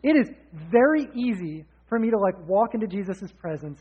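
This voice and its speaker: Guy preaching, lots of energy, chatty and candid, kinda husky, sounds like over a phone. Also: sits high, very animated, normal speed, hardly any pauses, highs cut off. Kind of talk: sermon.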